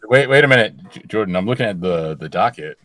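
A man's voice: on the low side, expressive, fast talker, a bit bright, dry recording. A man co-hosting a comedy podcast, exasperated and repeating himself for comic effect. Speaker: podcast co-host. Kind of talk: casual comedy banter.

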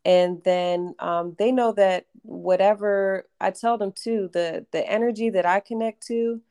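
A woman tarot reader talking about readings in a relaxed, rambling way, full of fillers and restarts. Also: medium pitch, measured pace, clear, resonant tone. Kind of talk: casual podcast chat.

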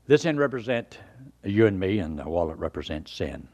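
Older man, preacher, sermon, lowish voice, earnest folksy delivery, loud emphasis dropping to near-whispers. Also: animated, fairly quick. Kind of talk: sermon with personal testimony.

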